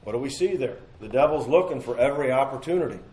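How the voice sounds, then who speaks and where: A man's voice: medium pitch, lively intonation, fast, dark tone, reverberant, rough recording. A man teaching a midweek Bible study in an earnest, conversational way, repeating phrases and asking rhetorical questions, recorded in a church room.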